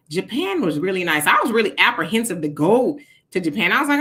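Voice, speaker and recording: A woman's voice: mid-range voice, expressive, a little fast, bright, forceful tone. A woman from California hosting a casual livestream, chatting and greeting viewers by name. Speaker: livestream host.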